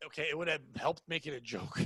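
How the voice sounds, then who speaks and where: A man co-hosting a comedy podcast in casual chat, loud and animated, with mock-outraged rants. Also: a little high, quick pace, breathy edge. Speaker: podcast co-host.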